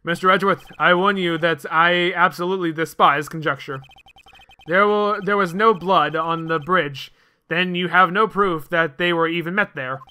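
Stern old game judge read by a man, clipped, high voice. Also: steady tone, normal speed, sharp tone, clear, resonant tone.

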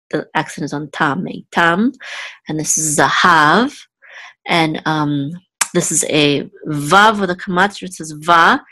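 A woman's voice: low-pitched, a bit bright. Patient woman teaching Hebrew letters. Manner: patient, step-by-step, many ums and restarts. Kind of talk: one-on-one lesson, explaining letters slowly.

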